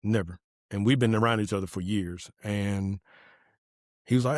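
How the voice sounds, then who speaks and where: A man's voice: on the low side, expressive, fairly quick, darkish tone, no echo, clean studio sound. Earnest man telling his story. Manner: earnest storytelling, acting out quoted dialogue. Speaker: podcast guest. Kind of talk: personal testimony in casual conversation.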